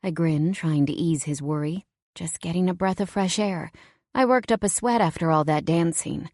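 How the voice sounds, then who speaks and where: A woman reads a first-person romance novel aloud, expressive and measured. Her voice is on the low side and sounds dry and close, with no room around it. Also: dry recording. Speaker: audiobook narrator.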